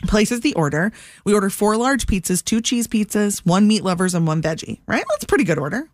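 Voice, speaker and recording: A woman's voice: medium pitch, brisk, no echo, clean studio sound. A woman co-hosting a podcast, telling a story in casual chat, filling it with "like" and acting out what people said. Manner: animated, lots of "like", acts out quotes. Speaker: podcast co-host.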